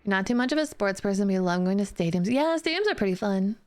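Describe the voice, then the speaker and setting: A woman's voice: medium pitch, lively intonation, fast, darkish tone, clean tone, faint music behind. A woman streamer chatting casually with her viewers in a giggly, self-deprecating way, often restarting her sentences.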